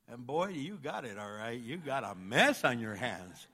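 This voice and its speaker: A man preaching a sermon, animated, jumping between loud outbursts and quiet asides as he acts out the people in his stories. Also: medium pitch, moderate pace, few pauses, breathy edge. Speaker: pastor.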